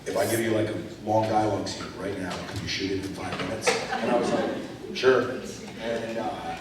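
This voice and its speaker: A man's voice: lowish voice, fairly even intonation, fairly quick, far from the mic, crowd noise. Rambling man in an echoey hall. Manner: rambling, filler-heavy storytelling. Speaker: actor, panel guest. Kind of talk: casual convention panel Q&A. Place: large convention hall.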